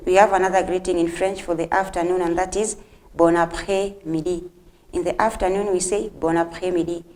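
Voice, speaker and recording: A woman's voice: medium pitch, darkish tone. Woman teaching on TV. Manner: repeats phrases slowly for learners; friendly, addresses viewers directly. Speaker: host and French teacher. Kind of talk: televised language lesson.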